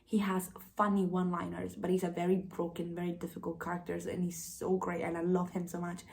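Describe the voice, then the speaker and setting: A woman's voice: lowish voice, monotone, a little fast, gravelly, darkish tone. A young woman vlogging casually about books, gushing and emotional, sometimes dropping almost to a whisper. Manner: gushing, emotional, drops to a near whisper at times. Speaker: book vlogger. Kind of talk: casual vlog chat.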